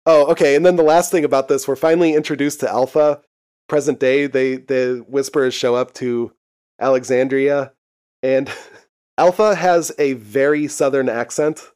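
A man's voice: medium pitch, steady tone, normal speed, darkish tone, clean tone. A young man co-hosting a podcast, casually recapping a TV episode, laughing often and swearing freely. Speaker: podcast co-host. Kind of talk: casual chat recapping a TV show.

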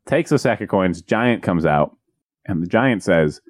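Guy w a lowish voice rambling thru a fairytale, jokey, dry mic. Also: lively intonation, no room sound. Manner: rambling, jokey, slips into quick voices for characters. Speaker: podcast co-host retelling a fairy tale. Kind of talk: casual comedic chat.

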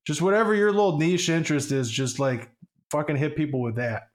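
A man's voice: fairly high pitch, fairly quick. A man co-hosting a podcast, chatting casually with wry, self-mocking humor. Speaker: podcast co-host. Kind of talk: casual chat.

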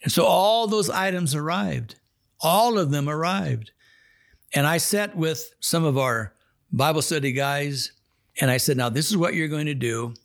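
A man's voice: on the high side, a little slow, gravelly. Earnest man telling a sermon story. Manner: earnest, folksy storyteller who acts out dialogue. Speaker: prison chaplain telling a story.

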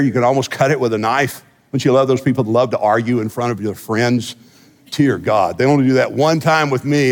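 A man's voice: mid-range voice, big-room sound. A man preaching a sermon as senior pastor, conversational and joking, often restarting and repeating himself. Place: church sanctuary.

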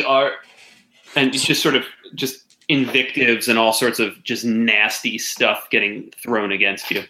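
A man narrating as game master of a tabletop role-playing game, halting and full of fillers. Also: mid-range voice, flat delivery, pushed and bright, reverberant, rough recording.

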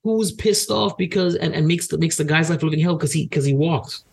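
A man hosting a podcast, talking in a casual, animated way, often repeating his words and acting out what others said. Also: fairly high pitch, brisk, gravelly, slightly rough. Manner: animated, repeats words, acts out quoted speech. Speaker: podcast host.

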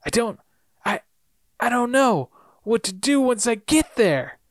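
A man's voice: very high voice, sing-song, no room sound, studio quality, pitched above the performer's own voice, heavily acted. A man voicing an anxious, injured middle-aged man from a TV drama, who stammers and halts. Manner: halting, stammering.

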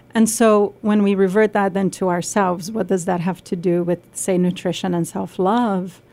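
A young adult woman giving a radio talk on nutrition, explaining gently and sometimes acting out a scolding inner voice. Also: medium pitch, flat delivery, normal speed, hardly any pauses. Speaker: guest speaker on nutrition.

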